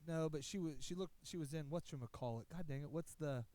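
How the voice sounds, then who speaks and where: A man co-hosting a podcast in casual chat, talking haltingly, searching for words and joking about himself. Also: a little high, warm tone, no room sound. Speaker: podcast co-host. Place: podcast studio.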